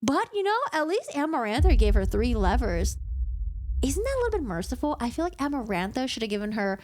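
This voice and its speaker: A woman vlogger giving a casual, dramatic book recap in an animated storytelling manner. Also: a little high, brisk.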